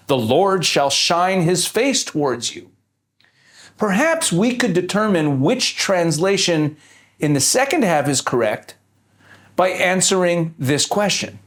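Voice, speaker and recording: A man's voice: high voice, very animated, measured pace. A man teaching scripture, explaining each point step by step and posing rhetorical questions to his audience. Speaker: Bible teacher.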